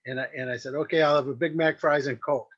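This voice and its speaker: A man's voice: fairly high pitch, steady tone, fast talker, fairly bright tone. A man hosting a casual chat, joking and laughing as he tells stories and acts out quoted voices. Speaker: podcast host. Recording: slightly muffled, dull audio.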